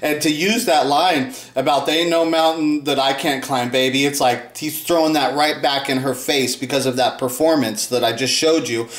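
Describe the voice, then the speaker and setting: A man's voice: steady tone, moderate pace, few pauses, echoey room. A man ranting angrily in commentary, swearing and repeating himself, his voice rising when upset. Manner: angry, profane, repeats himself, voice jumps high when upset. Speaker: video host.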